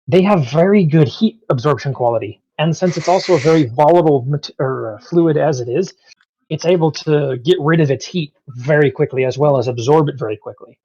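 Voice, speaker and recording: Male player, husky, lecturing know-it-all; dull, lo-fi recording. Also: a little high, mellow. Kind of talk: casual chat at a game table. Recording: dull lo-fi mic.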